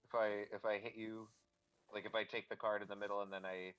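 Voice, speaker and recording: A young man with a fairly low voice, reasoning out loud as he plays. His sentences stop and restart as he works through his suspicions, all in a casual streaming chat. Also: little pitch movement, fairly quick, poor audio. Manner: thinks aloud, many restarts. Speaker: game player.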